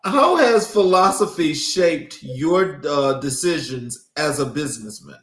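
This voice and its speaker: A man hosting an interview, asking questions in a measured, formal way. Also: on the high side, expressive, a bit bright. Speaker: interview host. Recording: echoey room.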